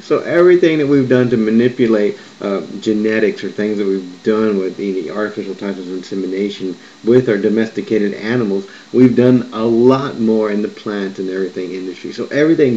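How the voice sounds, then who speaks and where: A man's voice: on the low side, a little fast, hardly any pauses, mellow, a little hiss or hum. A man recounting a vision in a rambling, digressive monologue, often restarting and correcting himself. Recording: muffled lo-fi recording with faint background ambience.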